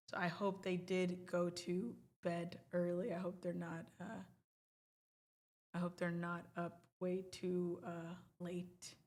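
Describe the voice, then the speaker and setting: A woman's voice: medium pitch, a bit bright. Chatty woman streamer rambling to her chat. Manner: chatty, rambling, playful asides. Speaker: livestream host. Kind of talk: casual livestream chat.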